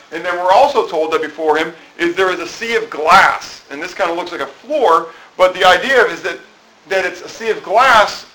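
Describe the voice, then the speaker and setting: The audio is poor as a middle-aged pastor preaches with a fairly high, pushed, bright voice. His sermon is conversational, peppered with questions to the congregation and repeated, restarted phrases.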